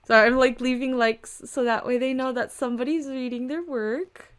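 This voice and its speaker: A woman's voice: high-pitched, fairly even intonation, normal speed, few pauses, smooth. Giggly, chatty young woman reader. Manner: chatty, giggly, lots of fillers. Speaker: webtoon reader and commentator. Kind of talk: casual read-along commentary.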